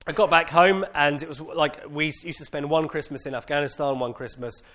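A man with a British accent sharing a personal testimony with an audience, candid and animated, with many casual fillers. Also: fairly high pitch, brisk.

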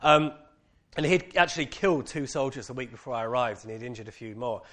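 Fast-talking British man telling his story. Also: mid-range voice. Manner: candid, animated storytelling with many "like" fillers. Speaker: speaker sharing a personal testimony. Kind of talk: personal testimony to an audience.

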